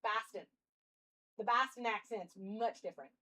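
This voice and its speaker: A woman's voice: a little high, lively intonation, normal speed, rough recording. A young woman streamer musing aloud in casual live-stream chat.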